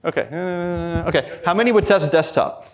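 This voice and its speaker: A man's voice: a little high, normal speed. A man presenting a conference workshop, talking energetically and addressing the audience directly. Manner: quotes imagined people in a raised voice.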